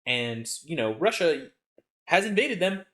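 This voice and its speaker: A man's voice: on the high side, very animated, a little slow, a bit bright. A man co-hosting a podcast, talking casually and sarcastically with lots of fillers. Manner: rambling, many fillers, sarcastic. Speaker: podcast co-host. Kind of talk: casual chat.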